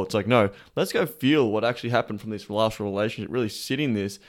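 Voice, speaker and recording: A man's voice: medium pitch, fast talker, few pauses. Blunt, profane male podcast host. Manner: blunt and heavily profane, animated when telling stories. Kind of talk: casual conversation.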